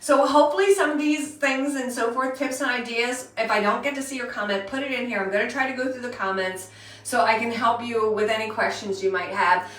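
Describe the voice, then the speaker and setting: Hosting a live makeup tutorial, a chatty woman from Pennsylvania greets her viewers by name. Her voice is on the high side, fairly quick and a bit bright. She sits a bit far from the mic in a room with noticeable echo.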